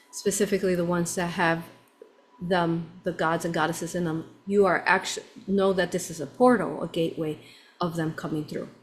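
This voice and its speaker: Woman telling a story expressively. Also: on the low side. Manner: expressive, swinging between hushed and excited. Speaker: spiritual channeler. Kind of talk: live personal storytelling.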